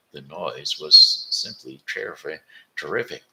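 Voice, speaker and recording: A man's voice: deep voice, lively intonation, takes it slowly, vocal fry, bright, forceful tone, poor audio. A man from Missouri reading a children's book aloud, stumbling now and then and correcting himself. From Missouri, USA.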